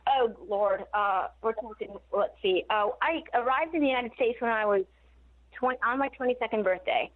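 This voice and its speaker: A woman's voice: fairly high pitch, normal speed. Rambling woman on a tinny phone line. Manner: rambling, digressive storytelling with laughs. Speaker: interview guest. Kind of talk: casual phone interview. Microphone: phone call.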